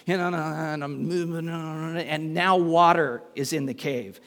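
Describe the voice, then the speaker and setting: A middle-aged male pastor preaches in a lively, storytelling way, poking fun at himself and acting out the voices in his tale. His voice sits somewhat high for a man. A long reverb from a large hall trails behind his words. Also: moderate pace. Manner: animated, acts out voices in his story, self-mocking humor. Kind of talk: storytelling sermon.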